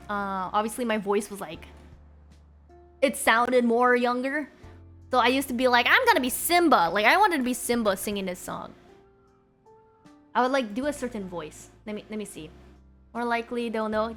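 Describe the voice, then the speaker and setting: A woman's voice: on the high side, a bit bright. A young woman streaming live, chatting casually and giggling with her viewers. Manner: giggly, bubbly, chats with viewers.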